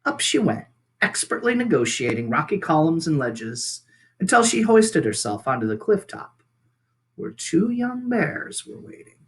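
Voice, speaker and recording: A man reading a children's book aloud with expressive storytelling. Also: fairly high pitch, unhurried. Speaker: reader.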